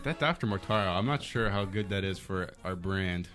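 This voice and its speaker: A man's voice: low-pitched, animated, a bit bright, faint music behind. A young man co-hosting a comedy podcast, wry and teasing in casual chat. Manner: wry, teasing, quick jokes. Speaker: podcast co-host.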